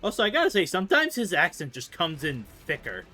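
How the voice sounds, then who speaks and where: A young man, a gaming streamer, reacting to his game in an excitable, swearing, off-the-cuff way. His voice is high and bright and jumps all over the place, with faint game music under it. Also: a little fast. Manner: excitable and swearing, with sudden outbursts. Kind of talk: casual gameplay commentary.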